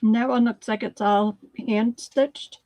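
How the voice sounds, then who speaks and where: Slow, curious woman off camera. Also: on the high side, fairly even intonation, warm tone, no echo. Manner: curious, admiring remarks. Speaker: off-camera co-host reacting to items. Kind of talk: casual chat.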